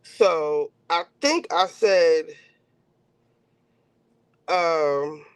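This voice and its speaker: A man hosting a casual livestream review of a reality show, ranting in an animated, profane way straight to his viewers. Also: on the high side, extremely slow, clean tone, no echo.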